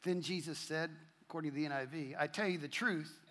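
Bright-voiced preaching man in a reverberant church. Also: fairly high pitch, brisk. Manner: preaching with swelling emphasis and repeated phrases. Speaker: pastor. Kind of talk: sermon. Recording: long hall reverb.

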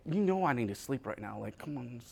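A man's voice: mid-range voice, brisk, gravelly, breathy edge. A male pastor giving a humorous, conversational sermon, acting out little scenes and talking straight to his congregation. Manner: animated storyteller, acting out scenes; talks directly to the congregation.

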